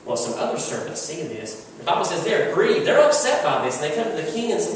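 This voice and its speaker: A male pastor preaches in a relaxed, storytelling way, leaning hard on key words. His voice sits slightly high and is caught from far off by the mic. A long reverb fills the church sanctuary, with faint ambience underneath. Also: quick pace, few pauses, slight background noise. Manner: conversational storytelling, emphatic. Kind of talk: sermon. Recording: echoey church hall from far off.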